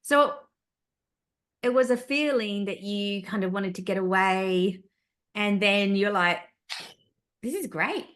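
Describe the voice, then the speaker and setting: A woman's voice: mid-range voice, fairly even intonation, slow, a bit bright, smooth. A woman hosting a podcast interview who listens attentively and affirms her guest. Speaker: podcast host. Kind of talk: interview conversation.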